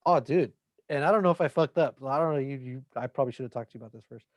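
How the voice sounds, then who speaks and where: A man's voice: mid-range voice, racing, dry recording. A young man, a podcast co-host, in casual chat, telling a rambling story full of swearing.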